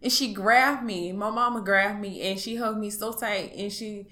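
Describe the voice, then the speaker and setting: A woman speaking in an interview, giving a personal account in a halting, hesitant way with many pauses and restarts. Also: medium pitch, fairly even intonation, bright, forceful tone. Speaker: interview guest.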